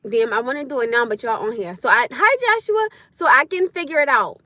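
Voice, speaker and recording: A woman chatting casually on a livestream, loud and laughing often as she answers comments. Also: a little high, lively intonation, a little fast, no room sound. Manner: loud, laughing, talks back to chat. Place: in her car.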